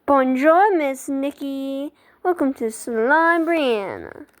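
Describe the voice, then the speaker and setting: A woman's voice: sits high, animated, slow pace. A woman voicing a bossy little girl pretending to be a fancy hairstylist, in a fake French accent, gushing and calling everyone darling.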